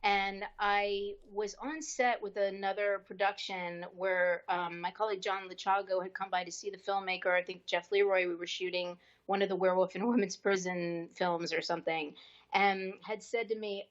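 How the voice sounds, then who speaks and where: Lively woman telling an anecdote. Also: mid-range voice, a little fast, highs cut off. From US East Coast. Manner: lively, acts out quoted dialogue with shifting voices. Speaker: actress, podcast guest. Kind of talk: casual storytelling interview.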